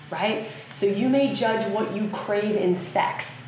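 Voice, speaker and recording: A woman speaking slowly and earnestly in a frank spiritual talk, with casual swearing mixed in. Her voice sits at a middle pitch, and a very echoey room rings around every word. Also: a little mellow, slight background noise.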